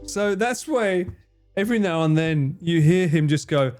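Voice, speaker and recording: A male streamer chatting live, his pitch swooping up and down as he giggles through the banter. He swears casually and reacts to messages from his chat, with soft music in the background. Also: animated, measured pace. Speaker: livestream host.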